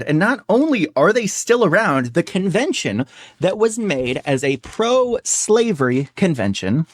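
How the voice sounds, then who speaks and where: A streamer giving casual, sarcastic commentary, animated, with many fillers and mock cheers. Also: medium pitch, no echo.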